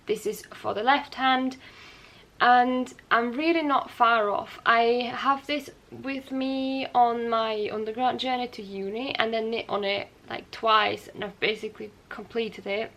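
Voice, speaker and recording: A woman's voice: a little high, fairly even intonation, a little slow, fairly bright tone. A young woman hosting her knitting podcast, talking casually and rambling a little with light laughs and self-corrections as she shows her work. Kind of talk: casual show-and-tell chat.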